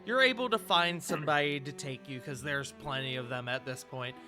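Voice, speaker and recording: A man narrating as game master of a tabletop game, brisk and playful with many fillers. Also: medium pitch, music in the background.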